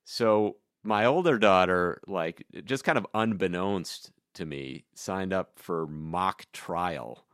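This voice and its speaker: A man's voice: low-pitched, takes it slowly, few pauses, fairly bright tone, clear, resonant tone, dry recording, clean studio sound. A man in his fifties co-hosting a podcast, chatting in a rambling, self-deprecating way. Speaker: podcast co-host. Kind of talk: casual chat.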